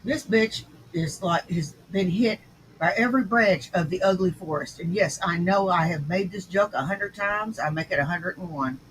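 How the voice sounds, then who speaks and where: A woman's voice: on the low side, normal speed, slight background noise, low-quality recording. A woman hosting a livestream, reacting to clips with scornful, insulting commentary. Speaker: stream host reacting to clips.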